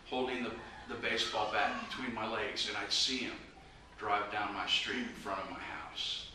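Urging his listeners on with earnest intensity, a male evangelist shares his personal testimony in a medium-pitched voice that sounds pushed and bright. The mic sits far away in a heavily echoing room, and a little noise can be heard.

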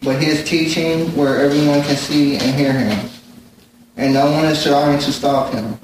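A man's voice: fairly high pitch, normal speed, background noise. Man reading scripture in an echoey room. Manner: steady, plain reading with small stumbles. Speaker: Bible study participant reading aloud. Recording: very echoey room, distant mic, faint ambience.

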